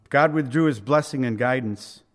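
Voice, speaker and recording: Here a middle-aged man preaches as a pastor at normal speed with a mid-range voice. His delivery is conversational, swelling for emphasis before easing into quiet asides.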